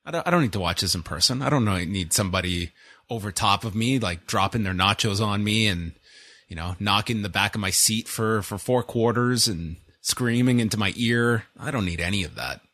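A man's voice: on the low side, brisk, a bit bright, no room sound. A man hosting a casual podcast, rambling with dry sarcasm. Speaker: podcast host.

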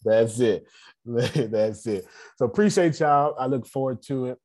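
A man's voice: medium pitch, measured pace, a little mellow. A man hosting an online business meeting, giving a casual motivational talk, repeating himself and often checking that listeners understand.

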